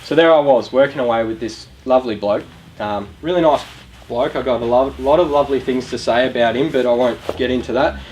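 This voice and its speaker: A man's voice: medium pitch, fairly quick, a little mellow, slight background noise, low-quality recording. A young Australian man giving a casual motivational talk to a young audience, chatty and asking them questions. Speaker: youth charity speaker. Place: room with a live audience.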